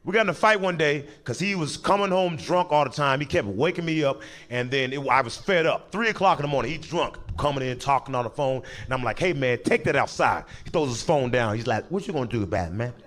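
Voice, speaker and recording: A young adult man telling a story in stand-up style, animated and often laughing at his own jokes. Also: on the high side, a little fast, hardly any pauses. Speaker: stand-up comedian.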